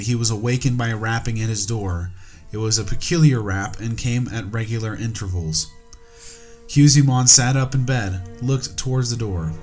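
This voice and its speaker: A man's voice: medium pitch, darkish tone. A man co-hosting a podcast, reading an old ghost story aloud with the odd aside. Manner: reads steadily, with light asides and laughs. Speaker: podcast co-host.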